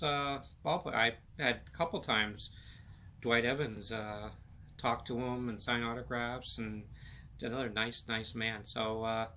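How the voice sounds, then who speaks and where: A man's voice: mid-range voice, pushed and bright. A middle-aged man hosting his own sports podcast, chatting casually and rambling with lots of fillers and repeated words. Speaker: podcast host. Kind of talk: casual solo sports chat.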